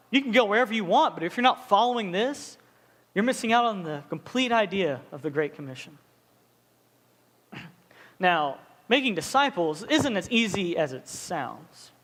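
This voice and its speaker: Preaching to students in what sounds like a large hall, with a long echo trailing each word, a high-voiced young youth pastor keeps his sermon casual and jokey. He leaps into animated stories peppered with lively asides.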